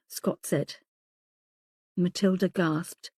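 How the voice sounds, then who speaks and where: A woman narrating an audiobook in an even storytelling manner. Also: fairly low pitch, a little slow, creaky, slightly rough, dry recording, clean studio sound.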